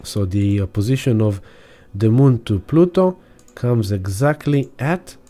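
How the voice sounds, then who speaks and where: A man giving a casual weekly astrology talk in a reflective, halting way, with fillers and restarts. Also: fairly low pitch, lively intonation, warm tone. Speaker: astrologer and sound healer.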